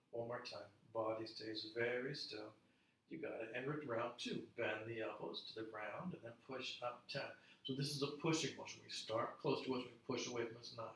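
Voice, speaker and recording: A man leading a guided strength workout, counting reps calmly and encouraging the class. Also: mid-range voice, slight background noise. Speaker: strength instructor. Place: home studio. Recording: echoey room, mic at a distance.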